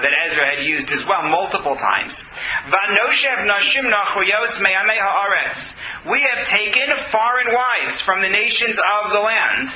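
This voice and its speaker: A man with a high, very bright voice teaches a text class in a classroom. He reads verses aloud, translates them and breaks them down for his students, then fields their questions. The recording is roomy and dull. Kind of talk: text study lecture with questions.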